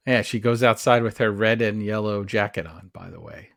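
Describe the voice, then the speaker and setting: Low-voiced man musing about film. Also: normal speed, creaky, no echo, clean studio sound. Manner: rambling, analytical, many fillers and restarts. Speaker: podcast co-host. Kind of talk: casual film discussion.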